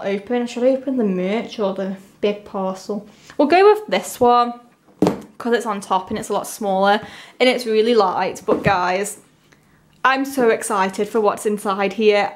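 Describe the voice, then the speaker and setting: A young woman from England chatting casually as she unboxes a haul, gushing and exclaiming often. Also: a little high. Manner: gushing, repeatedly excited, lots of "oh my god".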